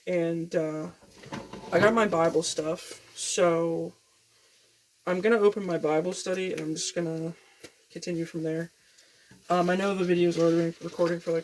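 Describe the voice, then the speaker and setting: A woman's voice: fairly low pitch, a little hiss or hum. A young woman vlogging casually at home into a gaming headset mic, rambling, self-deprecating and swearing freely. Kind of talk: casual chat. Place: room at home. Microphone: video game headset mic.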